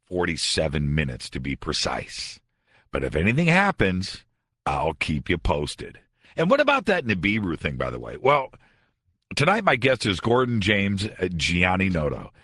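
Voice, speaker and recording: Late-night radio host, man, very low voice, husky, sarcastic studio monologue. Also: dry recording. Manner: sarcastic, conversational, animated. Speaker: radio talk show host.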